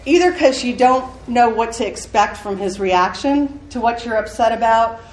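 A woman's voice: a little high, normal speed. A woman co-hosting a casual marriage-advice chat, candid and teasing. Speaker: podcast co-host. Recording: echoey room with faint noise.

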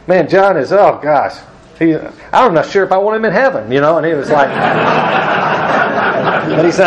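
A man's voice: a little high, expressive, moderate pace, a little hiss or hum, rough recording. A man preaching to a live group, telling stories and acting out the people he quotes with a chuckle. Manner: storytelling, acts out quoted voices, chuckles. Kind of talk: evangelism teaching talk to a live group.

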